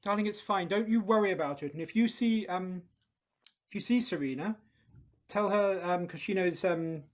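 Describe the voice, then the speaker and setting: A man playing a smooth, smug husband with a put-on British manner who calls everyone darling in a live improv comedy scene. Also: sits high, normal speed, natural voice. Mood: breezy. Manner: breezy, faux-British, says darling constantly. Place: live stage show.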